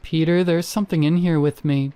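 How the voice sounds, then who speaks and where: A pit-dwelling creature pretending to be a lost young woman, pleading in a raised, whimpering voice that slides into a raspy whisper, as a male narrator puts it on. The tone stays dark and mellow beneath the lifted pitch, and it sounds eerie and wrong in this horror story. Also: fairly even intonation, a little fast, close to an everyday voice. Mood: terrified pleading.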